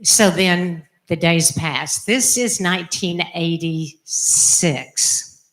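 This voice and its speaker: An older woman, a religious sister, telling a personal story in an animated, emphatic way. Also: fairly low pitch, drawn-out words. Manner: animated, emphatic, acts out quotes. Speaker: religious sister giving a testimony. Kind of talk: storytelling talk.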